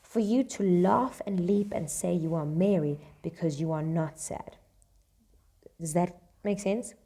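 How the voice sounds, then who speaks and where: Low, gravelly woman teaching Shakespeare. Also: dark tone. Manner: casual, reads lines slowly then paraphrases in slang. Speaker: English teacher. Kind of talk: explaining a Shakespeare scene line by line.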